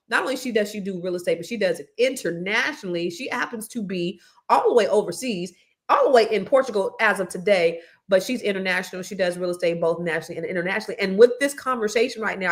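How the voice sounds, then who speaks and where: A woman with a Californian accent hosting a panel talk show, animated and playful, stretching words for emphasis. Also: medium pitch. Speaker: host.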